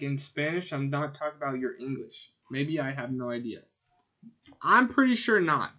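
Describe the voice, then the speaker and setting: A man streaming a game, chatting casually and rambling in a jokey way, with sudden loud outbursts as he answers his chat. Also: mid-range voice. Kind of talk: casual gameplay commentary.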